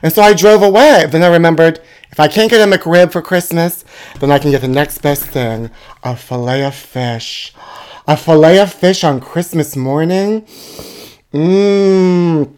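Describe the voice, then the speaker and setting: A man's voice: fairly high pitch, fairly quick, a little mellow, clean tone. A man hosting a podcast, delivering a campy comedic monologue and calling his listeners "my trashy". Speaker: podcast host.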